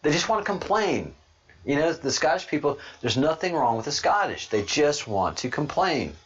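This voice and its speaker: Animated Irish-born man, laughing, lo-fi. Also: on the high side, moderate pace, breathy edge. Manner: animated, laughs often, rambling. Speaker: podcast host. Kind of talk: casual monologue. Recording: dull lo-fi recording.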